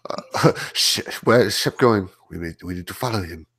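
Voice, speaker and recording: A man playing a tabletop game, unhurried and often laughing. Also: low voice, fairly bright tone, breathy edge. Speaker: player. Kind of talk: casual chat at a game table.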